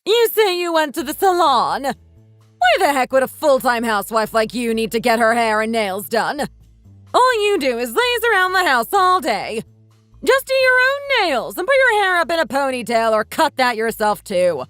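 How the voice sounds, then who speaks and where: A woman's voice: high-pitched, sing-song, normal speed, a bit bright, dry recording, faint music behind. A woman voicing a spiteful, domineering mother-in-law around sixty who scolds and insults, in a dramatized text-story reading. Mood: scornful.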